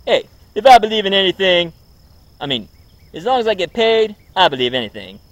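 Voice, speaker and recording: A man doing an impression of a brash, wisecracking comedian in a loud, cocky voice. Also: high voice, sing-song, fairly quick, no room sound, pitched above the performer's own voice.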